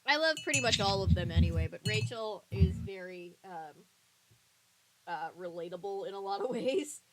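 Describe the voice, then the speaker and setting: A woman's voice: medium pitch, expressive, moderate pace, very noisy. A woman hosting a casual book discussion podcast, chatty and giggly, often trailing off into fillers. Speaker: podcast host.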